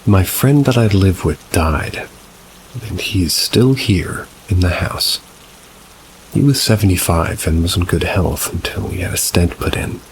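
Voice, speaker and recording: Male narrator, deep and unhurried, scripted story reading over steady rain. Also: noisy background. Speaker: narrator of reader stories.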